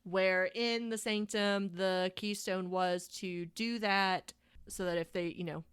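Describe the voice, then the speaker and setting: Joking young woman player, smooth voice. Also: medium pitch, fairly even intonation, a bit bright, no room sound. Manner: joking, quick to laugh. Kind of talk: casual tabletop chat.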